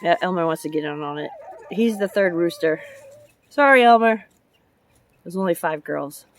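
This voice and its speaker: Her voice sits low with a darkish tone and runs a little fast, with slight background noise behind it. The vlogger, who drives trucks for public works, rambles casually about her chickens and dump trucks, chatting freely, switching topics, and laughing often.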